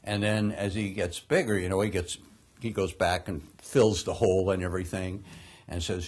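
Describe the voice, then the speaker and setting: An older man preaching a sermon, retelling a film's story in a relaxed storytelling way and chuckling now and then. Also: sits low, moderate pace. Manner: storytelling, chuckles at own stumbles. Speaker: pastor. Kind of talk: sermon retelling a film plot.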